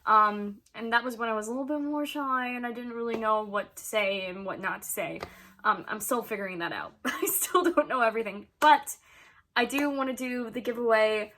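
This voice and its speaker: Bright, chatty young woman vlogger. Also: fairly high pitch, moderate pace, slight background noise. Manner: chatty, rambling, laughs often, many ums. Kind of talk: casual chat to camera.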